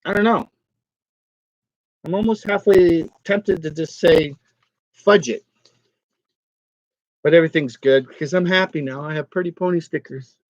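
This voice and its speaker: A man's voice: on the high side, darkish tone, dry recording. A man in a casual, rambling vlog who jokes, complains, and laughs easily. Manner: rambling, joking, quick to laugh. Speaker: online reseller vlogger. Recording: dull, lo-fi, dry sound.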